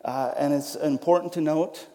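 A man preaching an Easter sermon, reading scripture and then talking in a lively, joking way with frequent restarts. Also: fairly high pitch, normal speed. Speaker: pastor. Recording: long hall reverb.

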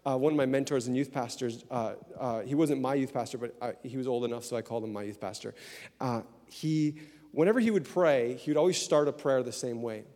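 A man preaching a sermon in a lively, conversational way, repeating phrases and laughing as he talks. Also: mid-range voice, brisk. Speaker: pastor. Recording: long hall reverb.

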